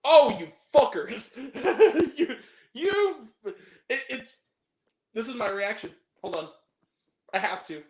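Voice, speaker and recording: A man with a high, very lively voice, talking in an animated way during a casual podcast chat about movies. He swears freely and throws in exaggerated reactions. The room has a noticeable echo. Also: takes it slowly, pauses often. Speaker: podcast co-host.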